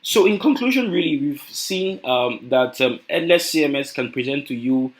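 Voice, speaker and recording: A man's voice: medium pitch, lively intonation, normal speed. Nigerian man giving a conference talk. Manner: hesitant, many fillers and restarts. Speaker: conference speaker.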